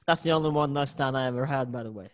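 A man guesting on a comedy podcast over a call, giving short, dry, deadpan replies. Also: medium pitch, fast, slight background noise. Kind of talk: casual improvised chat on a call.

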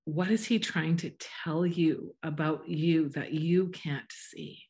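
A woman in a heartfelt podcast conversation, sharing spiritual reflections and gently coaching the listener. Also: deep voice, steady tone, slow pace.

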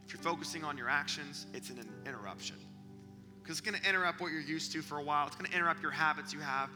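Man preaching, animated storyteller, hushed whispers at times, long hall echo, music underneath. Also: fairly high pitch, fast. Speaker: youth preacher. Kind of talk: sermon.

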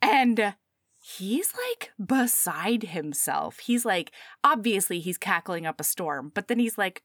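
A woman's voice: mid-range voice, slow, dry recording, studio quality. A woman co-hosting a casual podcast chat, animatedly retelling a novel's plot and acting out the characters' lines. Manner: animated storytelling, acts out characters' lines, laughs often. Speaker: podcast co-host. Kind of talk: casual book recap chat.

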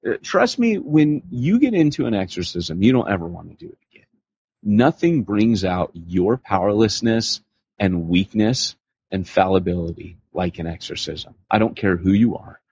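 A man co-hosting a podcast, telling stories in a casual, animated way and slipping into voices for the people he quotes. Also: on the low side, moderate pace, slightly rough, dry recording. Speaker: podcast co-host. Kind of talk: casual storytelling conversation. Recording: dull lo-fi podcast audio.

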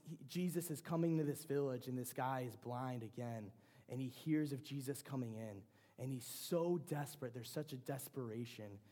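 A man preaches in a relaxed, conversational way and often restarts his phrases. His voice sits in a mid register with a mellow, warm tone. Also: medium pitch. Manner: conversational, with frequent restarts and fillers. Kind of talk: sermon.

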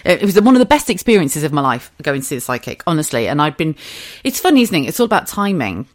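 Chatty woman in her forties, low voice. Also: big pitch swings, quick pace. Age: 40s. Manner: chatty, candid, swears freely, acts out quotes. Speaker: podcast host. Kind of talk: casual chat.

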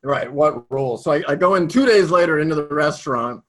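A man as an interview guest telling a personal story in a casual, animated way. He swears freely. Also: on the high side, a little fast.

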